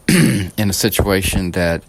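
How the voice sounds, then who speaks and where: A man's voice: low-pitched, expressive, slow, creaky. A man hosting a podcast, talking through a casual political monologue in a blunt, profane way that rambles and restarts. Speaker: podcast host.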